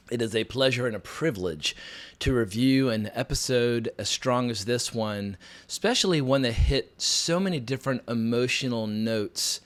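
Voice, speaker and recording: A man's voice: medium pitch, lively intonation, fairly quick. A man talking casually and enthusiastically as he reviews a TV episode, his voice scratchy from getting over a cold, often rambling and restarting. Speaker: TV review vlogger.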